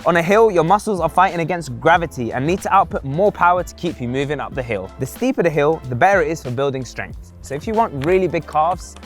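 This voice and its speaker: A man's voice: a little high, expressive, fast talker, few pauses, faint music behind. A man presenting a running vlog outdoors on a windy hillside, out of breath between hill sprints and talking with energy.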